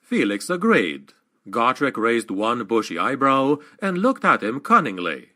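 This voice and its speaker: A man narrating a fantasy audiobook in an expressive, dramatic reading. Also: mid-range voice, a little slow.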